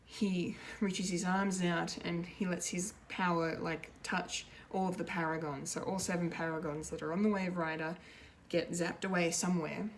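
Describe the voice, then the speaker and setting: A woman reviewing a TV episode in a casual, rambling way, excitable and full of fillers and restarts. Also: lowish voice, normal speed, few pauses, slight background noise. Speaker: pop culture reviewer, show regular.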